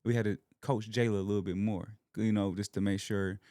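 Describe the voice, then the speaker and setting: A young man from Alabama talks as a podcast guest. His voice sits low, and the recording is dry and close with no room sound. He speaks in an earnest, heartfelt way and holds back emotion as he shares personal faith. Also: fairly even intonation, a little fast, dark tone, no room sound. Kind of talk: casual heartfelt conversation.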